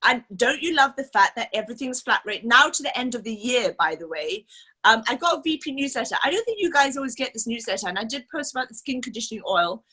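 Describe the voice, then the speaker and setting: A woman's voice: on the high side, animated, fast, bright, forceful tone, breathy edge. Chatty, upbeat woman leading a team talk. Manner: chatty, enthusiastic, many fillers. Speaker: team leader. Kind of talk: casual training talk.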